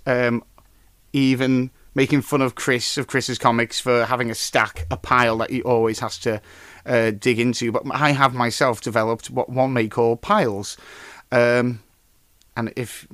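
A man hosting a casual podcast, talking in a mid-pitched voice that rambles between news and personal stories. He swears freely and gets loud and animated once a story takes hold. The sound is dry and close, with no room around it. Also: no echo. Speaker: podcast host. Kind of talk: casual comic-book news chat and anecdote.

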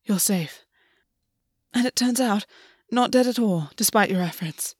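A woman voicing a calm, teasing male fae lover who speaks in a low, soothing murmur, from a reader of fan fiction. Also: a little slow, breathy edge, dry recording, studio quality.

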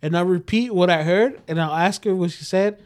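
A man's voice: high voice, brisk, a little mellow, clear, resonant tone. A man in casual, crude chat who swears constantly while telling stories about his hearing.

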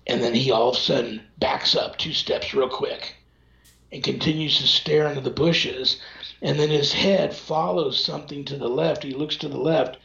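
A paranormal investigator guest with a slightly high, gravelly voice tells a long story at a moderate pace in casual conversation. He's an animated storyteller who acts out the voices of the people in it, heard over echoey lo-fi remote audio.

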